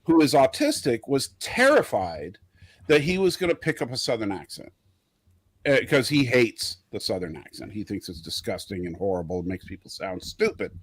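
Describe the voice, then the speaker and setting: A man's voice: mid-range voice, big pitch swings, normal speed, husky, no echo. A middle-aged man with a West Coast American accent, telling a rambling story in casual chat as a podcast co-host. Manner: rambling storyteller, many fillers.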